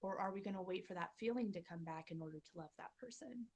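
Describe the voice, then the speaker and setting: A woman's voice: medium pitch, fast talker, darkish tone, husky. A woman hosting a parenting channel, talking earnestly to camera in a casual motivational style and acting out her own inner dialogue.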